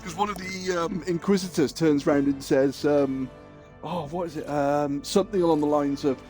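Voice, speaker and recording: A man's voice: on the high side, fairly even intonation, a little fast, mellow. A man streaming games and rambling through a story, swearing casually, with faint music behind. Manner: rambling, lots of fillers and restarts, swears casually. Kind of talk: livestream storytelling and gaming chat.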